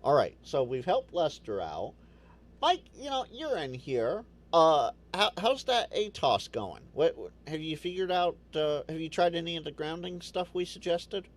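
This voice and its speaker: A man's voice: fairly high pitch, very animated, unhurried. A man hosting a casual livestream, chatting to viewers, rambling and stammering, often repeating words as he restarts. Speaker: livestream host.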